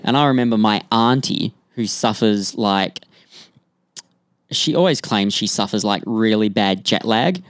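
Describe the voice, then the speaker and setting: An Australian man hosting a podcast, lively and casually swearing. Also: on the low side, measured pace, dry recording, clean studio sound. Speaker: podcast host. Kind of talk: casual chat.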